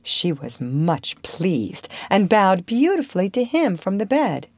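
A woman reading a children's storybook aloud with an expressive delivery. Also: mid-range voice, takes it slowly, dry recording. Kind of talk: storybook narration.

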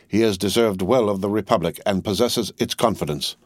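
A man's voice: lowish voice, no echo, studio quality, lightly acted. Madame Defarge, a man voicing a cold ruthless woman. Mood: stern. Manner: cold, commanding, deliberate. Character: stern ruthless middle-aged female revolutionary.

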